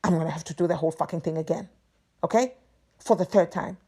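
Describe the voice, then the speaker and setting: Woman host, mellow tone, venting hard, swears a lot, emphatic rant. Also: lowish voice, quick pace, breathy edge. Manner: exasperated, profane, emphatic. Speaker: podcast host. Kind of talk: ranting monologue.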